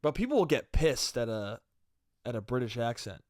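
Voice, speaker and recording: A man's voice: mid-range voice, big pitch swings, moderate pace, darkish tone, no room sound, studio quality. A young man hosting a solo comedy podcast, rambling loosely and profanely, calling everyone "dude" and "bro". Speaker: podcast host.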